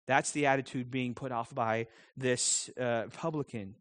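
A man's voice: medium pitch, moderate pace, hardly any pauses. A middle-aged man preaching a sermon in a conversational way, with self-deprecating humor. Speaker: pastor.

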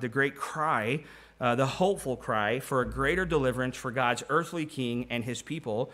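Bright-voiced man preaching a sermon. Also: medium pitch, normal speed. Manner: conversational preaching with frequent restarts and scripture readings.

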